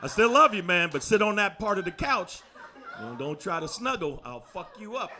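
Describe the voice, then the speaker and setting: A man's voice: high-pitched, big pitch swings, normal speed, noisy background. A man doing a brash, profane stand-up comedy set on a comedy club stage, speaking into a handheld mic.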